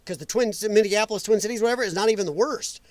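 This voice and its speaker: A man's voice: sits high, rapid-fire, dry recording. A man hosting a political commentary livestream, ranting in a heated, sarcastic and mocking way. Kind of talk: livestream rant.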